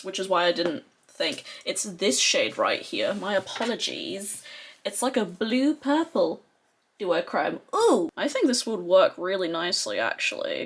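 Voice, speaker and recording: Lively, husky-voiced young woman vlogger. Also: mid-range voice, normal speed. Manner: chatty and excitable, with many "like" fillers. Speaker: beauty vlogger. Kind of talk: casual chatty tutorial.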